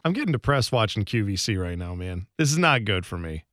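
A man's voice: on the low side, sing-song, a little fast, fairly bright tone, soft background music. A man co-hosting a radio show, telling rambling, self-deprecating stories in casual banter at a studio microphone.

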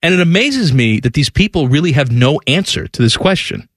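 Teasing, lively radio host man. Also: on the high side, fairly quick, no room sound, studio quality. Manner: teasing storyteller, tries silly accents. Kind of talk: casual radio banter.

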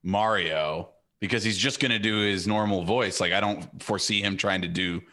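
Lowish guy with a punchy bright voice, opinionated podcast chat, goes off on tangents. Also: normal speed. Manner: chatty and opinionated, drifts into tangents. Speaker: podcast co-host. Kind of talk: casual chat.

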